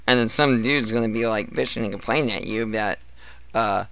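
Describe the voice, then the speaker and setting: A man's voice: lowish voice, fairly quick, vocal fry, fairly bright tone, clean tone. A man streaming a casual chat, telling stories in a profane, ranting way and acting out the people in them. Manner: profane, ranting storyteller who acts out coworkers.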